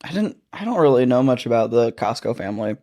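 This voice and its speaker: A man's voice: medium pitch, big pitch swings, fast talker, dark tone, no room sound, studio quality. A man co-hosting a podcast in casual chat who answers with short reactions and laughs. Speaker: podcast co-host.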